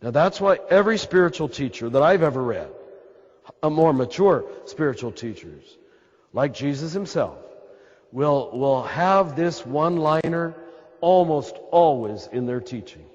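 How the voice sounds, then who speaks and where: A throaty American man preaching as a priest, his voice sitting a little high for a man. He is emphatic, circles back on his points and talks straight to the crowd. The sound is dull and lo-fi and rings with a long hall reverb. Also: lively intonation, a little slow. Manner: emphatic and repetitive, speaks straight to the listeners. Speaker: Catholic priest. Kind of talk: spiritual talk to a live audience. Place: large hall with an audience.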